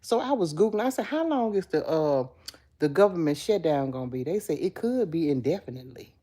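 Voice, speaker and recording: Chatty woman with a low, mellow voice. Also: lively intonation, a little fast. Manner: chatty, affectionate, answers viewer comments. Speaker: livestream host. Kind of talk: casual live chat with viewers.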